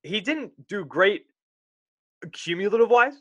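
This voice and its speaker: A young man co-hosting a casual sports podcast, rambling and animated, often interrupting himself. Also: high voice, measured pace, dry recording.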